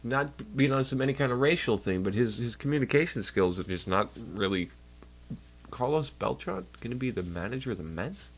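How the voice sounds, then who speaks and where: A young male streamer rambles into his desk mic with a lively, bouncing pitch. He swears freely and jokes with his chat. His nose sounds a little stuffed and nasal. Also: fairly quick. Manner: rambling, profane, jokey, talks to chat. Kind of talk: casual chat on a livestream.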